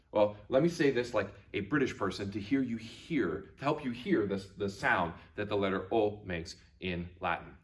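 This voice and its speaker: A man teaching a lesson, demonstrating sounds slowly and with emphasis. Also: mid-range voice. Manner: animated, demonstrative, drawing out sounds. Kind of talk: classroom lesson on Latin pronunciation.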